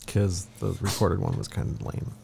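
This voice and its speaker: A man's voice: deep voice, very animated, moderate pace, gravelly, darkish tone, slight background noise. A man co-hosting a podcast, mostly reacting with short comments in casual chat. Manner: brief reactions and asides. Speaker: podcast co-host.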